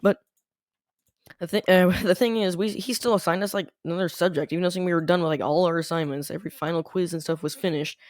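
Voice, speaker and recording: A man's voice: high voice, fairly even intonation, fast talker, no room sound, clean studio sound. A young man telling a rambling school story while playing a game, full of "like" fillers. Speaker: gaming channel host. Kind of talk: casual storytelling over gameplay.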